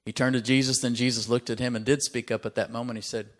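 A man preaching a sermon, telling stories and acting out his characters in a raised voice, building to loud, emphatic peaks. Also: level tone, fast talker. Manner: acts out quoted characters in a higher voice. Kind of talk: sermon with storytelling.

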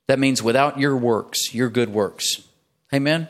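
A man's voice: moderate pace, a bit bright. Man preaching an emphatic sermon. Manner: emphatic preacher, frequent "amen", rises in pitch for emphasis. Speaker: pastor.

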